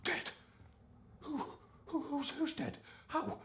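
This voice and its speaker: An actor playing a frightened Scottish oil rig cook in a video game, with a Scottish accent and a nervous, stammering delivery. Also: male voice, very high-pitched, animated, slow, fairly bright tone, a little hiss or hum, heavily acted.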